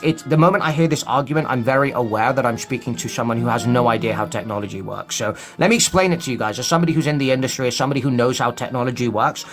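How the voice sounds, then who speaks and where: A man's voice: medium pitch, fairly bright tone. A man hosting a late-night live stream, lecturing callers in a stern, repetitive way. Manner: stern, lecturing, repeats himself. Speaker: livestream host.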